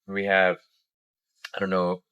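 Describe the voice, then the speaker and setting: A man's voice: low voice, completely flat delivery, takes it slowly, pushed and bright, clean tone, lo-fi sound. A man giving a casual travel review as a family vlogger, rambling with lots of fillers.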